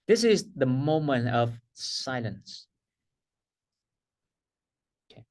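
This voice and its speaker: Slow, emphatic male coaching trainer. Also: medium pitch, very animated, darkish tone. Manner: emphatic, repeats key phrases, laughs at himself. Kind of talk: workshop teaching.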